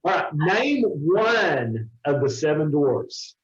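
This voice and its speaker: A man with an Oklahoma accent interviewing a coworker with quick-fire questions, joking and laughing often. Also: a little high, big pitch swings. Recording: roomy, dull lo-fi sound.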